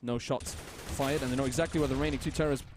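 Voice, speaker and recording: A man casting a competitive shooter game match with fast, joking play-by-play commentary. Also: mid-range voice, steady tone, noisy background. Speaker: esports caster.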